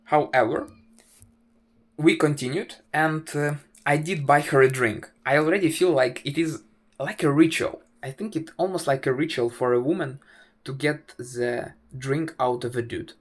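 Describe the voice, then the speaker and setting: A young man at an unhurried, halting pace. He keeps stopping on fillers and restarting his sentences, and he tells the story in a wry, self-mocking way. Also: mid-range voice. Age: 20s. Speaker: vlogger. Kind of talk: casual storytelling to camera.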